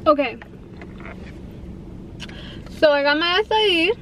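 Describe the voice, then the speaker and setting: Brief: high-pitched young woman, chatty and nervous vlogger, slight lisp, faint hum behind her. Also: expressive, slow, fairly bright tone. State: pregnant. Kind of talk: casual vlog chat.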